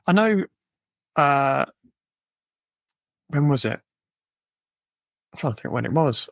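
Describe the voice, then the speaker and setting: A man hosts a podcast, his voice a touch higher than most men's and recorded close and dry. He talks in an easy, relaxed way and keeps backing up his guest with quick yeahs, and he slips into his own stories along the way. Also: dry recording. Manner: relaxed, affirming with frequent yeahs and mms. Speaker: podcast host. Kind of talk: podcast conversation.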